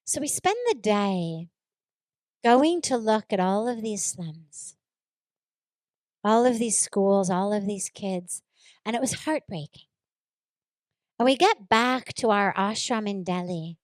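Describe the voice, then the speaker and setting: A woman's voice: mid-range voice, lively intonation, takes it slowly, pauses often, no room sound. A woman spiritual teacher giving a reflective talk, earnest and repeating phrases for emphasis as she tells a personal story.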